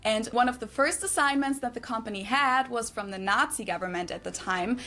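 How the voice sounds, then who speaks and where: A woman from Germany with a German accent, giving a clear, measured explainer and slowly repeating words to teach them. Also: a little high, bright, forceful tone. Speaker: video explainer. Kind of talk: scripted explainer to camera.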